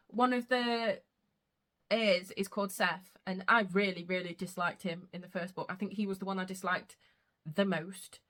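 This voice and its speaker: A woman's voice: mid-range voice, pushed and bright. A young woman chatting casually about books she read, gushing and emotional, swearing freely. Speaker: book vlogger. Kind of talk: casual chat.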